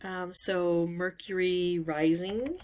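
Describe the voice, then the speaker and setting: A woman hosting a word-game channel, musing aloud through a puzzle with hesitant pauses and frequent "um"s. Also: on the low side, fairly even intonation, a little mellow. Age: adult parent. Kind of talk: thinking-aloud puzzle talkthrough.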